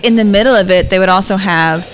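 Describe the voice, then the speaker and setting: A woman's voice: medium pitch, quick pace. A woman hosting a casual movie watch-along chat, joking and telling stories. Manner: chatty, joking, storytelling. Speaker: podcast host.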